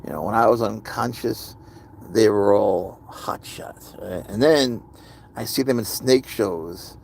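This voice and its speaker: A man's voice: lowish voice, slow pace, creaky, darkish tone, slight background noise. A man hosting a livestream, ranting angrily in a casual monologue, full of profanity. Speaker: livestream host.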